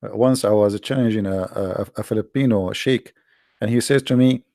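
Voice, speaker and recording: Man, Arabic accent, mocking commentary host, gravelly voice, dry close mic. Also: fairly low pitch, moderate pace, warm tone, dry recording. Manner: sarcastic, mocking, rambling asides. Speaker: channel host. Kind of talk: mocking religious commentary stream.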